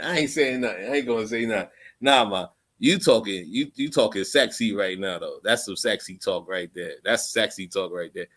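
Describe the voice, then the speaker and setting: A man hosting a livestream, talking off the cuff in a profane, rambling way, repeating phrases and swinging from low muttering to loud outbursts. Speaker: livestream host. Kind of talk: unscripted livestream rant.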